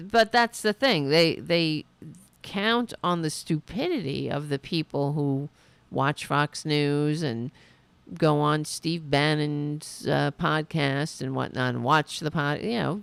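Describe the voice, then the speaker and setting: A woman host delivers a political commentary rant with a heavily gravelly, fry-laden voice. She talks slowly and deliberately, with indignant, sarcastic jabs and plenty of profanity. The sound is dry and close, with no room around it. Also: low voice, dry recording. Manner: mocking quoted voices. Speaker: podcast host.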